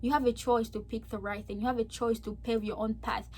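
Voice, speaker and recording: Young woman, higher-pitched voice, earnest testimony, chatty with fillers, emotional, soft-then-emphatic delivery. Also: flat delivery, a little fast. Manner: chatty, with many "like" and "okay?" fillers. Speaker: vlogger sharing a faith testimony. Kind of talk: earnest personal testimony to camera.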